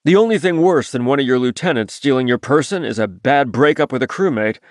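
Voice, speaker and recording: A man's voice: medium pitch, animated, brisk, no room sound, studio quality, natural voice. A man voicing a reserved navy submariner. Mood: blunt.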